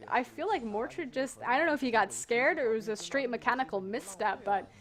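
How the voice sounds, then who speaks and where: A woman casting a live esports match, breaking down team plays and objectives. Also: fairly high pitch. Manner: analytical, brisk. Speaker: esports caster. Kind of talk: live play-by-play commentary.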